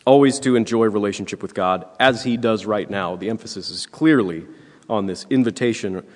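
A man preaching a sermon, earnest and emphatic, repeating his points and clearing his throat often. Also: lowish voice, normal speed, in a large hall. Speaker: pastor.

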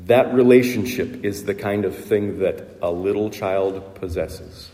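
Low-voiced pastor preaching in a hall. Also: male voice, a little slow, dark tone. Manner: earnest, emphatic preaching with rhetorical questions. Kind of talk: sermon. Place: church sanctuary.

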